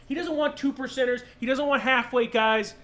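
A man's voice: very high voice, steady tone, moderate pace, bright, forceful tone. A male pastor preaching a sermon in a casual way, with joking, sarcastic asides.

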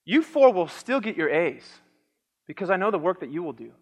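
A man preaching a sermon, lively and animated, dramatizing a Bible story with booming lines for the king. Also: brisk, big-room sound. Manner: animated, acts out the king's lines with shouts. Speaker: pastor.

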